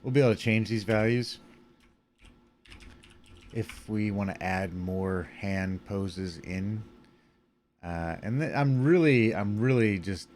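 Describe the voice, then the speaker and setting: A man's voice: fairly low pitch, takes it slowly, long pauses, a little mellow, slight background noise. A tired man casually walking through his animation puppet rig with many fillers, yawning now and then. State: sleepy. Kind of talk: casual screen-recorded tutorial.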